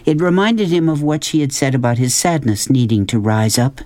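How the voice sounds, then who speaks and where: A man reading a novel aloud as audiobook narration, in a calm, measured storytelling manner. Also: medium pitch, no room sound. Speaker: audiobook reader.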